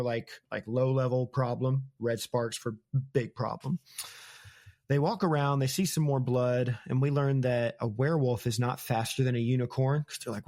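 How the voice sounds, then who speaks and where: A man hosting a podcast, casually recapping a book chapter with quick asides and chuckles. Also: mid-range voice, darkish tone. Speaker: podcast host.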